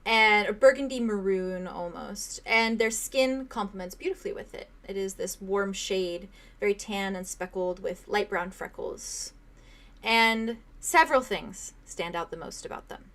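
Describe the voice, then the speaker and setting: A woman's voice: medium pitch, unhurried, a bit bright. A young woman running a tabletop game as game master, describing a scene in detail with fillers and small laughs.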